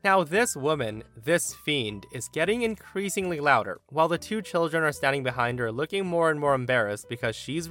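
A man narrating a Reddit story aloud in an animated, expressive way. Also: medium pitch.

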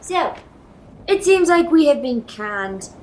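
A woman's voice: high voice, very animated, slow, darkish tone, a little hiss or hum. A woman playing a tabletop game, talking casually and searching for words. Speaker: player. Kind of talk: casual chat. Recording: roomy echo.

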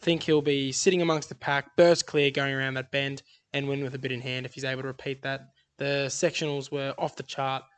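A man's voice: medium pitch, little pitch movement, brisk, clean tone. A man co-hosting a casual racing podcast, rattling off odds and form in an upbeat way. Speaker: podcast co-host tipping horse races. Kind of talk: casual racing tips chat.

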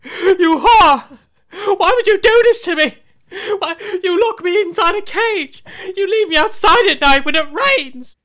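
A man's voice: extremely high pitch, lively intonation, a little slow, sharp tone, pitched above the performer's own voice, full character voice. A bitter, theatrical talking dog, voiced by a man in a comedy sketch. He speaks in a raised, strained voice and wails his grievances at his owner as if on stage. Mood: outraged. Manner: accusing, theatrical wailing. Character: bitter, melodramatic pet dog given speech.

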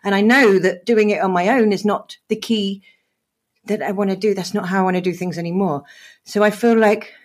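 She's a middle-aged podcast co-host with a medium-pitched voice and a brisk pace, chatting freely on a video call. Expect plenty of laughter and openly emotional, animated talk.

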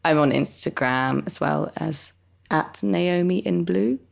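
A woman talks as a podcast guest in a lowish, gravelly voice. She is chatty, laughs easily and trails off and restarts mid-sentence. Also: unhurried. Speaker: journalist and musician guest. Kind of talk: casual interview chat.

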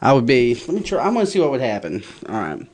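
A man joking through a casual podcast chat with a self-mocking drawl. His pitch swings a lot as he talks. The sound is dry and close, with no room around it. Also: wildly swooping pitch, quick pace, a little mellow, no echo. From rural background. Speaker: guest.

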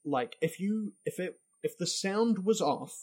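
A man's voice: sits high, expressive, a little slow, a little mellow. A man from the American South with a Southern accent, co-hosting a comedic film podcast and rambling through jokes with frequent laughter. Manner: joking, rambling, laughs often. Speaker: podcast co-host.

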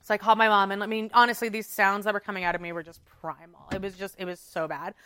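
Bright, crisp-voiced woman telling a story. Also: mid-range voice, quick pace, dry recording. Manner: animated, dramatic retelling with many "like"s. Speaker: podcast co-host. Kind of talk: casual storytelling chat.

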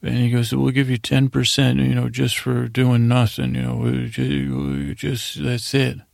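A man hosting a bedtime podcast, rambling through a TV episode recap in a low-key, filler-heavy way. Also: a little slow, creaky, dry recording, studio quality. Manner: rambling, monotone retelling with lots of fillers. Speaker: podcast host.

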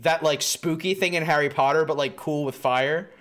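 A man's voice: fairly high pitch, moderate pace, noisy background. A man co-hosting a podcast in casual comedic chat, riffing at length and peppering his talk with "like". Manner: rambling, lots of "like", riffs on bits. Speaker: podcast co-host.

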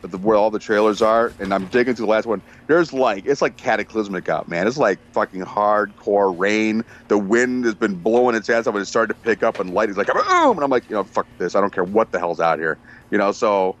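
A man's voice: lowish voice, fairly quick, few pauses. A man chatting casually and telling stories, cursing constantly and acting out what people said. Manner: profane, animated storyteller doing quoted voices. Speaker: truck driver. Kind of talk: casual chat.

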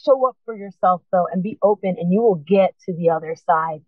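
A woman's voice: fairly low pitch, brisk, dry recording. A woman speaks with earnest, rising urgency as she tells her own story and urges listeners on. Her voice comes through thin and tinny, like a phone call. There is no room sound around her. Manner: earnest, impassioned, urgent encouragement. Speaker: guest. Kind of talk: emotional personal testimony.

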